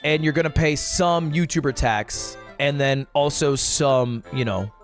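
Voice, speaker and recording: A man giving casual, joking streaming commentary while ranking products, animated and often profane. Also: a little high, a little slow, faint music behind.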